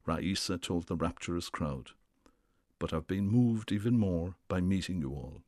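Deep-voiced man reading a radio essay. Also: unhurried, darkish tone, no room sound, studio quality. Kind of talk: scripted first-person radio essay.

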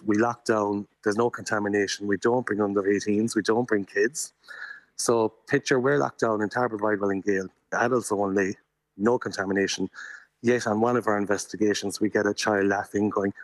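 A man's voice: fairly low pitch, steady tone, brisk, dry recording. An Irish man being interviewed in a radio studio as a paranormal investigator, explaining at length in an earnest, chatty way.

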